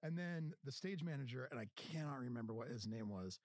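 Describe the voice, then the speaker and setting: Podcast host, male, animated storyteller, lively voice, dry sound. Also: mid-range voice, a little fast, no echo. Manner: animated storyteller, acts out quotes. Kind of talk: casual storytelling chat.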